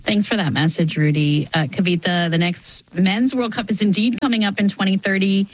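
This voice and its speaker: A woman's voice: medium pitch, fairly even intonation, moderate pace, no room sound, poor audio. A woman hosting a radio interview in a conversational, lightly joking manner. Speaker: radio show host.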